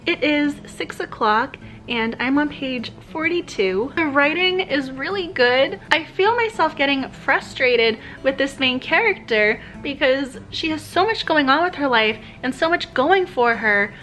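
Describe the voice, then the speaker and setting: Bright, high-voiced chatty woman vlogger. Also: animated, a little slow, low-quality recording. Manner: chatty and gushing, with time check-ins. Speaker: book vlogger. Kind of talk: casual reading vlog diary. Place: at home.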